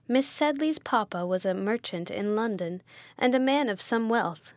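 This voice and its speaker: A woman narrating a classic novel in a measured, formal reading style. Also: medium pitch, no room sound. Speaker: audiobook narrator.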